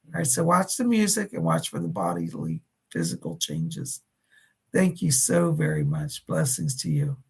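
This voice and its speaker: Middle-aged male medium host, deeply gravelly and raspy, chatty live-stream delivery. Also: huge pitch swings, normal speed, darkish tone. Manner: chatty, addresses viewers by name, relays spirit messages. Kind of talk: live-streamed psychic readings.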